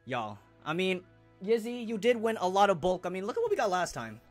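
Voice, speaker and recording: A man's voice: high voice, wildly swooping pitch, a little fast, faint music behind. Hyped young man streaming, slangy chat. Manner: hyped, slangy, chatty with viewers. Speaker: live stream host opening trading cards. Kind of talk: casual live-stream chat.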